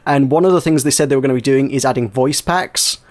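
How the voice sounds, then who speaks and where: A British man hosting a casual gaming podcast, jokey and rambling, quick to laugh. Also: mid-range voice. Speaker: podcast host.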